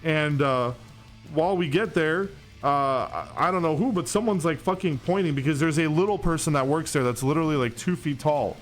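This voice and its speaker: A man's voice: on the high side, brisk, hardly any pauses. A young man hosting a stream, telling a long story in a rambling, profane way with lots of restarts. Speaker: streamer host. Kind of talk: casual storytelling to stream chat. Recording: faint music behind.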